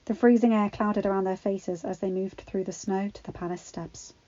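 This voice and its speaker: A woman narrating a fan-fiction story in a steady, expressive reading. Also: mid-range voice, moderate pace. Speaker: audiobook reader. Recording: dull lo-fi recording with faint music.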